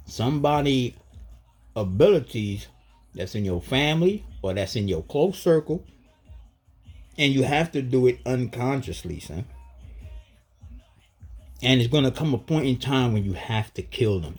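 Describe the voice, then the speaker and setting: A man vlogging in a casual, emphatic rant full of street slang, with a husky voice. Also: mid-range voice, a little mellow. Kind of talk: casual monologue.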